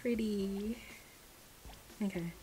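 A young woman giving casual commentary while pulling in a gacha game, drifting between quiet, mumbled disappointment and sudden shrieks of excitement. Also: extremely slow, a little hiss or hum, low-quality recording. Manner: swings from mumbled low sighs to shrieking excitement. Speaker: gacha gaming streamer.

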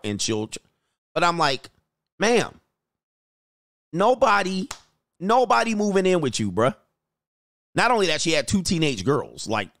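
A man hosting a dating commentary show, telling a story bluntly and jumping up in pitch when he quotes himself. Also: a bit bright, no room sound. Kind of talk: casual commentary reacting to clips.

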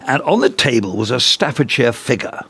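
A man with an English accent, a guest in a cricket commentary box, telling lively anecdotes and chuckling through punchlines. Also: mid-range voice, normal speed.

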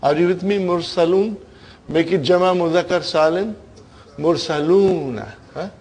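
Grammar teacher, male, emphatic, fairly high voice, keeps checking that the class follows. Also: fairly even intonation, normal speed, darkish tone. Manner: checks in with listeners often, emphatic. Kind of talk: classroom lecture.

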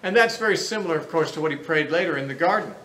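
A man's voice: fairly high pitch, lively intonation, racing, pushed and bright. A man teaching a Bible class, explaining scripture in an earnest lecture that reasons aloud. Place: lecture room. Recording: roomy echo with faint background noise.

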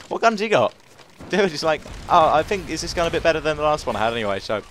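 Young male gamer, quick and animated, self-mocking commentary over faint game noise. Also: fairly high pitch. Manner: excitable, self-mocking, repeats phrases, yelps when killed. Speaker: gaming commentator. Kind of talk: live gameplay commentary.

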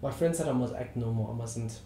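Young man, casual self-deprecating vlog chat, mid pitch, roomy space with music bed. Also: a little fast, a little hiss or hum. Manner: chatty, self-deprecating, joking. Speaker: vlogger. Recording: roomy room with background music. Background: soft guitar music.

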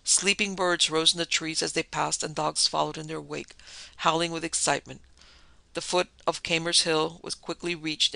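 Gravelly, bright-voiced horror story narrator. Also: mid-range voice, dry recording. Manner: dramatic, measured storytelling. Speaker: podcast narrator.

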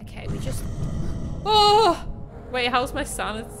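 A woman's voice: sits high, very animated, unhurried, noisy background. A young woman playing a horror game live, talking to herself, shrieking at scares and laughing at herself. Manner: jumpy, screams and laughs, chatty. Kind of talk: live gameplay commentary.

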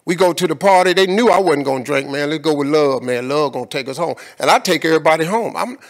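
A man's voice: a little high, quick pace. A man speaking as a guest in an on-stage conversation, talking in an emphatic, colloquial way with preacher-like repetition.

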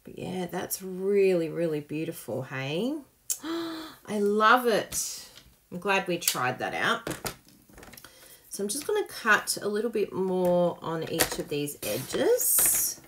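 A woman's voice: lowish voice, very animated, measured pace, a little hiss or hum. A woman hosting a live papercraft tutorial, chatty and self-mocking, laughing often and gushing over her work as she demonstrates.

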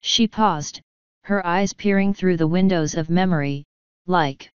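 Clear-voiced woman reading an audiobook. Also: lowish voice, unhurried, dry recording. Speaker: audiobook narrator. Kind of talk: scripted audiobook narration. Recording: dull lo-fi audio.

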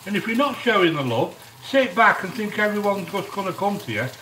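A middle-aged man hosting a live-stream cooking chat, talking straight to his viewers and giving them shout-outs. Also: sits high, big pitch swings, a little fast, far from the mic, slight background noise. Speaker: cooking channel host. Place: home kitchen. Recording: echoey kitchen, speaker off-mic. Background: frying and sizzling in the pan.

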